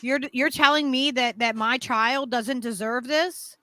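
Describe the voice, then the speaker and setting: Bright, high-voiced animated woman. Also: unhurried, no echo. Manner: animated, repeats words, many "like"s. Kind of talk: casual panel chat.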